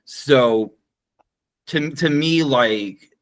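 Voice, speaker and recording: A man co-hosting a podcast, chatting casually in a halting way with lots of fillers. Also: mid-range voice. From United States. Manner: rambling, halting, full of fillers. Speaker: podcast co-host. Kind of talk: casual chat.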